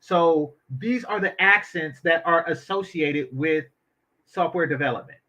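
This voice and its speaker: A man's voice: on the high side, unhurried, bright, forceful tone. A man hosting a casual commentary stream, blunt and opinionated and swearing freely as he reacts to an interview. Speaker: commentary channel host. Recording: dull lo-fi audio.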